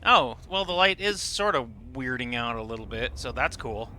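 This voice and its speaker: Bright-voiced man explaining space sights. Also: medium pitch, lively intonation, moderate pace, a little hiss or hum. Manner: enthusiastic, explains at length, swears casually. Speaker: streamer. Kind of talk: live gameplay commentary.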